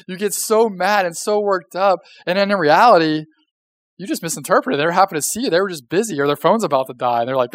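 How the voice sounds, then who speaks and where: A young man gives a casual sermon from a church stage, talking to his listeners as if in conversation and dropping jokes and questions. His voice sits on the higher side. The sound is dry and close, with little room echo. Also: fast. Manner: conversational, joking, asks the audience questions. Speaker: pastor.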